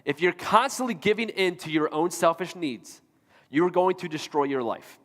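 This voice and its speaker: A man's voice: high voice, lively intonation, moderate pace, fairly bright tone, long reverb tail. A man pastor delivering a sermon, preaching emphatically and repeating rhetorical questions to the congregation. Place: church auditorium.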